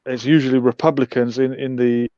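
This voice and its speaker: A man's voice: mid-range voice, little pitch movement, brisk, warm tone, dry recording, muffled recording. A man hosting a livestream, musing with wry, sarcastic commentary. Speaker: host.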